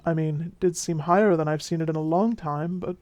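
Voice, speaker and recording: In this audio drama, a performer voices a flirtatious vampire with an adopted Mexican Spanish accent, his natural, mid-range voice steady in tone and fairly quick, with no echo. The mood is reassuring: he teases, then soothes warmly, sometimes sinking into a whisper.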